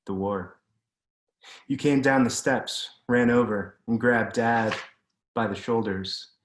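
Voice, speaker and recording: Like a writer at a public reading, a man works through his own prose at a deliberate, unwavering pace in a mid-range voice. His audio suggests a video call, and the room lends it a distinct echo.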